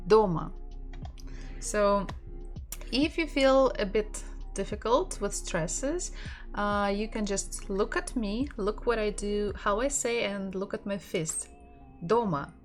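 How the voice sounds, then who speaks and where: A woman's voice: medium pitch, slow, soft background music. A woman with a Russian accent teaching an online language lesson, patiently repeating words for learners.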